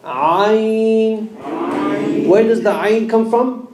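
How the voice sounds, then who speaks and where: High-voiced man drilling letters, echoey room. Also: animated, normal speed, noisy background. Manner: drills letters aloud and quizzes the class with questions. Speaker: Quran recitation teacher. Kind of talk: classroom lesson on letter pronunciation. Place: mosque classroom.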